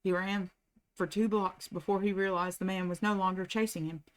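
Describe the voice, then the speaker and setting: A woman reads a novel aloud, narrating at a calm, steady pace with the even, clear delivery of a bedtime reading. Her voice sits in a middle range, neither high nor low. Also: normal speed. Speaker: channel host reading aloud.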